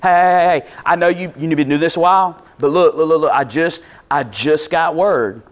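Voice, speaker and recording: A man voicing an agitated male disciple who talks fast in slang and repeats words for emphasis. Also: on the high side, lightly acted. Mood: exasperated. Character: agitated adult male disciple, worried and indignant.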